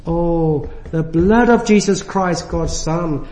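A man delivers a sermon at an unhurried pace, leaning on key words as he goes. His voice sits fairly high. The sound carries the echo of a church hall. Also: darkish tone. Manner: earnest, slows and stresses key words. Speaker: preacher.

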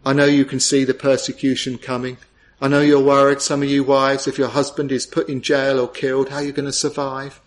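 A man's voice: medium pitch, completely flat delivery, brisk. Earnest male preacher delivering a sermon. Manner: earnest, tender, rhetorical questions.

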